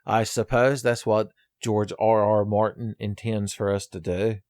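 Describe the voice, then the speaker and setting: A man's voice: fairly low pitch, level tone, measured pace, darkish tone. A man hosting a let's-play of a video game, talking in a wry, sarcastic and profane way and laughing often. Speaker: gaming video host. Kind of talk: casual let's-play commentary.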